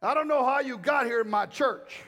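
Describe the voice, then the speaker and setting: A man's voice: very high-pitched, normal speed, bright, forceful tone, long reverb tail, voice pushed up, heavily acted. A man voicing a stern older male pastor who speaks with commanding warnings.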